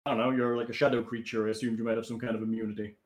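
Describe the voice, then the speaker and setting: A man's voice: lowish voice, flat delivery, very fast. A man running a tabletop game as game master, joking and swearing as he reads out rules.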